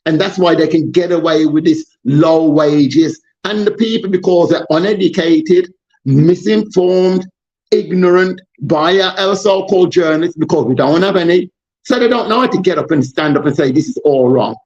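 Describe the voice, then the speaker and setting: A man's voice: high voice, normal speed, darkish tone. Man, exasperated and rambling, dull recording. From Jamaica. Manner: passionate, exasperated, rambling with restarts. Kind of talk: casual political discussion.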